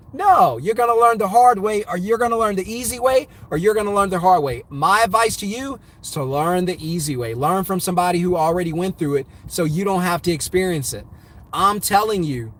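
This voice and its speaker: A man's voice: sits high, fairly bright tone. A middle-aged man giving an emphatic, repetitive motivational talk about money to his viewers. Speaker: host.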